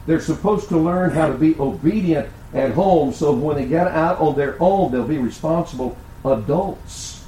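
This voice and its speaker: Older preacher in an echoey church. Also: male voice, on the high side, dark tone, a little hiss or hum. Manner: preaching with rhetorical questions and storytelling. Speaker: pastor. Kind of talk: sermon. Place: church sanctuary.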